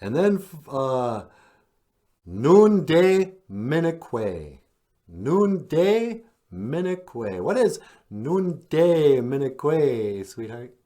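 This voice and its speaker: A man hosting a podcast, teaching vocabulary in a relaxed, encouraging way and gently prompting his partner. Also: mid-range voice, drawn-out words. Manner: encouraging, calls partner sweetie. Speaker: podcast host teaching words. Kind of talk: language lesson, casual.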